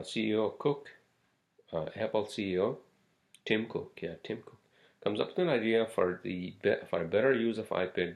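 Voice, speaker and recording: Low-pitched with noticeable vocal fry, a man hosts a laid-back podcast on his own. His talk is rambling and profane, hopping topics and packed with fillers and asides.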